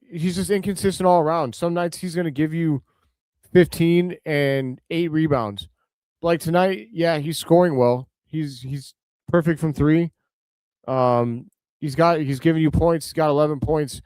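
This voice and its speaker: Man, live game commentary, casual and chatty, fairly high voice, smooth tone. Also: no room sound. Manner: casual, chatty play-by-play answering viewers' comments; excitable outbursts over big plays. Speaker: live stream host.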